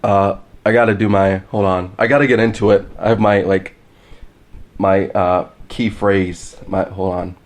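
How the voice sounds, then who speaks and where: A young man hosts a casual podcast chat. He is easygoing and a little hesitant, and his voice sits slightly low. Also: flat delivery, measured pace. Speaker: podcast host.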